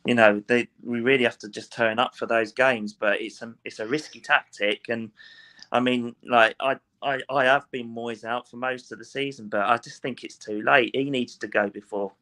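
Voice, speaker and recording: A man, a guest in a casual post-match chat, measured and a little hesitant. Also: mid-range voice, steady tone, sharp tone. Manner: measured, agreeable, hesitant restarts.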